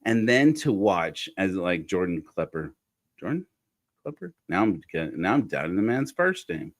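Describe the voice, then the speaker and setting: A middle-aged man delivers casual sermon-style commentary in a low voice that swings widely and animatedly in pitch. He rambles, corrects himself mid-thought and drops wry asides as he goes. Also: very animated, moderate pace. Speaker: podcast host.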